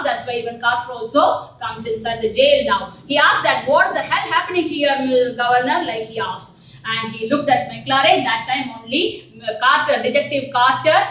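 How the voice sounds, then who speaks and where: A woman teacher with an Indian English accent, explaining a story to her class in an animated way and checking often that the students follow. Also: sits high. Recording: roomy echo, voice from a distance.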